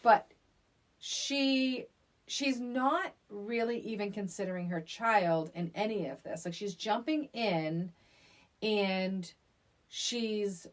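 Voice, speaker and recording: A young woman co-hosting a casual movie podcast, talking in an animated, emphatic way with frequent restarts. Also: medium pitch, takes it slowly. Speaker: podcast co-host.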